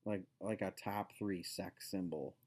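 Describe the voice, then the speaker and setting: A man with a notably low voice, talking slowly and loosely as he hosts a casual show. He wanders through his points with plenty of fillers and asides, and keeps circling back to them. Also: fairly even intonation, darkish tone. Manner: rambling, many fillers and asides. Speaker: podcast host.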